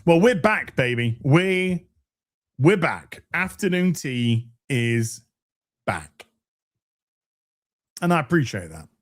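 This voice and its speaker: A man hosting a casual live stream, reading super chats and answering with profane, animated banter. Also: fairly high pitch, slow, pauses often. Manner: animated, profane, warm toward chat.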